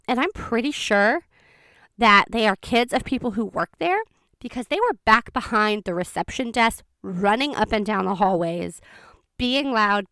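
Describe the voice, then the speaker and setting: A chatty woman recounting a story in a casual vlog, quick and expressive. Her voice is smooth and clear at a mid pitch, and the sound is close and dry, with no room echo. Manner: chatty, expressive, fast bursts. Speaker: vlogger.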